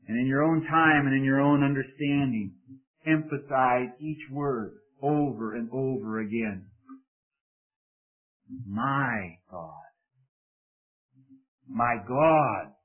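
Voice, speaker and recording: A man delivers a sermon with earnest humility, leaning hard into the words when he reads scripture. His voice sits at a middling pitch. The sound is thin and boxy, like a phone line. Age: adult parent. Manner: earnest, humble, with emphatic scripture reading. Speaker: preacher.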